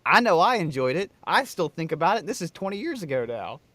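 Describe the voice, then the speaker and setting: A man's voice: a little high, very animated, fairly quick, fairly bright tone, dry recording. A man co-hosting a podcast in loose, rambling, profane casual chat. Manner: loose, rambling, swears freely. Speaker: podcast co-host.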